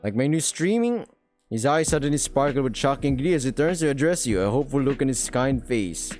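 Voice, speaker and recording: A man's voice: mid-range voice, expressive, fairly quick, a little mellow, soft background music, lightly acted. A man voicing a cheerful, friendly dragon guy. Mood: upbeat. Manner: cheerful, reassuring, chatty. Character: friendly upbeat young male dragon.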